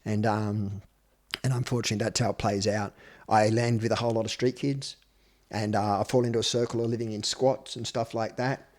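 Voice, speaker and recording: A man's voice: lowish voice, little pitch movement, a little fast, a little mellow. An Australian man in his fifties, a guest telling his life story with blunt, profane candor. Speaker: interview guest. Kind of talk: candid personal storytelling.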